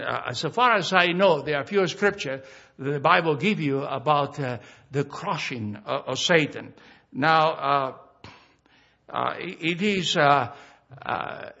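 Emphatic pastor with a bright, husky voice. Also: male voice, on the high side, muffled recording. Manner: slow emphatic scripture reading, many fillers and restarts. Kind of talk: sermon.

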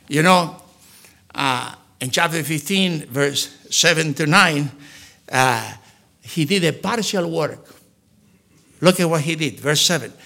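High-voiced emphatic male pastor preaching. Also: unhurried, pushed and bright. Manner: emphatic, acts out scripture quotes. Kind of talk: sermon.

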